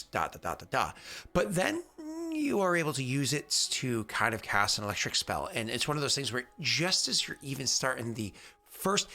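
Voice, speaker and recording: Guy game master, bright sharp voice, rambly with lots of ums. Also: mid-range voice. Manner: chatty, rambling, with many fillers. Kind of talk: narrating a tabletop game.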